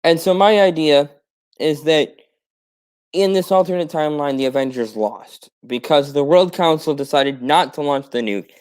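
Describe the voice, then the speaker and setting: Rambling man pitching a story idea. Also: a little mellow, smooth. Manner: halting, many fillers and restarts. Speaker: podcast host pitching a fan script.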